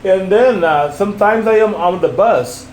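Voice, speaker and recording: A man's voice: high-pitched, normal speed, a little mellow. A man teaching English one-on-one, patiently repeating phrases and coaching his student on stress and intonation. The recording sounds roomy, with a faint hiss.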